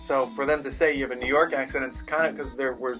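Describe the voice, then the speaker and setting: A man's voice: mid-range voice, fairly even intonation, quick pace, over music. A man with a New Jersey accent, co-hosting a board game review show in casual, rambling chat. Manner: chatty, rambling. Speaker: co-host.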